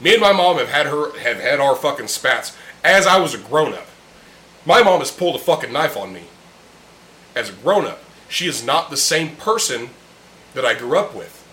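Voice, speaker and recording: A mid-range, sing-song voice, pushed and bright at normal speed, belongs to a man hosting a casual podcast chat. He's sharing beers with friends in a room and speaking in a blunt, heated, heavily profane manner, with roomy echo and a faint background hum.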